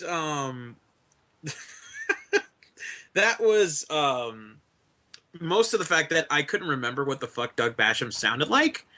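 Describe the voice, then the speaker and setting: A man's voice: a little high, pushed and bright. A man talking as a guest over an online voice call, laid-back, laughing often and swearing freely. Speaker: guest, streamer. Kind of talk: casual online interview.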